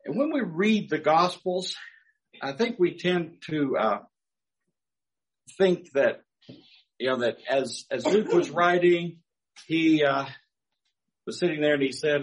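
A man's voice: fairly high pitch, lively intonation, slow pace, long pauses, poor audio. A man preaching a sermon as pastor, talking conversationally with dry humor.

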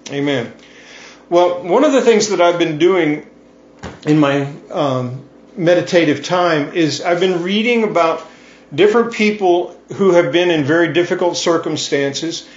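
A man's voice: on the high side, lively intonation. Man preaching in an echoey church. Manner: earnest, repeats scripture refrains slowly. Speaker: priest. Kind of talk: sermon. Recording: echoey, dull lo-fi church recording.

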